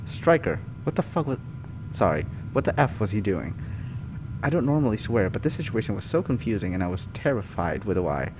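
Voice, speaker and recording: A man doing a comic read-through of fan fiction, animated and often breaking off to laugh and comment. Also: lowish voice, brisk, noisy background. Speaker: YouTuber reading fan fiction. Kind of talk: comic reading with live reactions.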